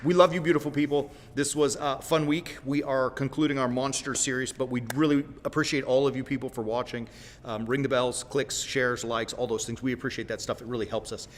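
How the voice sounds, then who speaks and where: A man hosts a Christian livestream, preaching informally in a folksy, direct style with a mid-range voice that moves a little fast over fairly even intonation. He rambles, keeps correcting himself with apologetic asides, and repeats "right?" often. Long reverb fills the roomy space, with slight background noise.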